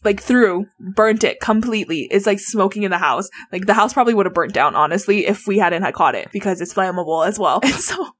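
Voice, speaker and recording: A woman guest telling childhood stories in a casual, animated, giggly way, full of "like" fillers. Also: mid-range voice, fairly quick, few pauses, slightly rough. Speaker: interview guest. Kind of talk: casual storytelling.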